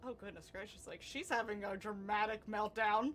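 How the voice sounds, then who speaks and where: A woman's voice: medium pitch, normal speed, a little hiss or hum. A young woman giving casual, giggly commentary over a life-simulation game she is playing. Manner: giggly, excitable, chatty with frequent laughs. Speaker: gameplay commentator.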